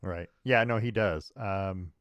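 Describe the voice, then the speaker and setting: A man with a fairly low voice talks sports movies in a loose, rambling way, stumbling over restarts and filling gaps with ums. The sound is dry and close. It feels like an easygoing podcast conversation. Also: slow pace, a bit bright, clear, resonant tone, no room sound, muffled recording. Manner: rambling, frequent restarts and fillers, chuckling. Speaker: podcast co-host. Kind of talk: casual sports chat.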